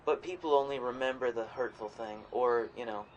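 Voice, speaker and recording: A man co-hosting a podcast in casual chat, rambling and swearing freely, sometimes jumping into loud quoted voices. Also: mid-range voice, fairly quick, highs cut off, a little hiss or hum. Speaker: podcast co-host.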